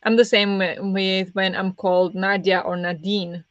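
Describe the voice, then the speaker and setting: A woman's voice: medium pitch, flat delivery, a little slow, hardly any pauses, no echo, highs cut off. A woman hosting a live reading sprint stream, chatting with viewers and laughing often, speaking English as a second language. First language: not English. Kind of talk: casual live-stream chat.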